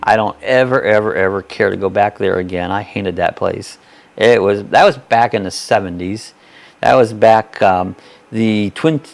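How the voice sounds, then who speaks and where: Older man, gravelly low voice, folksy rambling host of a casual live chat, faint music underneath. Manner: rambling, folksy, self-deprecating. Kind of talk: casual live-stream chat reading comments.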